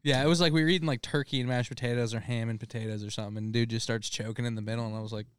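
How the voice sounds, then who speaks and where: A young man, co-host of a casual podcast, telling stories with deadpan dark humor. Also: medium pitch, racing, clear, resonant tone, no room sound, studio quality. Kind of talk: casual chat.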